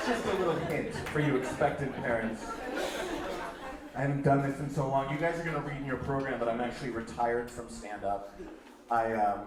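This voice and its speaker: A man's voice: medium pitch, brisk. A man doing a chatty, self-deprecating stand-up comedy set on stage in a comedy club. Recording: echoey club from far off with crowd.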